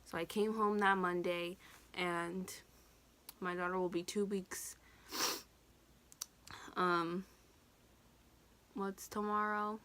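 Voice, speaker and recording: A woman's voice: on the low side, level tone, slow pace, pauses often, fairly bright tone. A teenage woman telling a personal story in a casual, candid vlog, swearing now and then. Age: teens. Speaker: vlogger.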